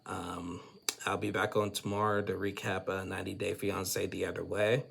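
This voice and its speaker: A man's voice: low-pitched, level tone, moderate pace, vocal fry, fairly bright tone, breathy edge. A man hosting a casual, rambling recap of a reality show, chatty and full of restarts. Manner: rambling, chatty, with frequent restarts and "you know". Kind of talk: casual spoken episode recap.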